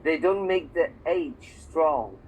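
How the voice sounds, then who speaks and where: A man's voice: on the high side, animated, slow, a little mellow, slight background noise, poor audio. A man from England teaching a one-on-one English lesson, explaining patiently with examples and checking that his student follows. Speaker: English tutor.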